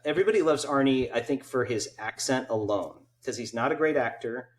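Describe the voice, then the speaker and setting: A man's voice: medium pitch, animated, brisk, a little hiss or hum. A man co-hosting a podcast, giving firm opinions and teasing the others. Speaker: podcast co-host. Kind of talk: casual chat.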